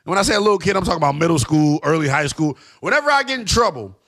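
A man's voice: fairly high pitch, lively intonation, racing, fairly bright tone. A man hosting a sports talk show, giving emphatic, slangy opinions to fans.

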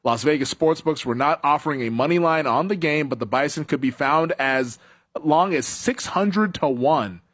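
A man's voice: on the high side, moderate pace, a bit bright, breathy edge. A man hosting a sports talk show, chatting casually, laughing often and acting out quotes. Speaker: sports radio host.

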